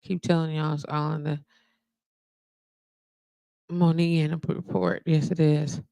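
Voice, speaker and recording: Chatty woman host with a gravelly voice. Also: low-pitched, little pitch movement, measured pace, mellow, no room sound. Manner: chatty, greets viewers and laughs often. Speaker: host of a live online radio show. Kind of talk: casual live-stream chat with viewers. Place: her wellness practice.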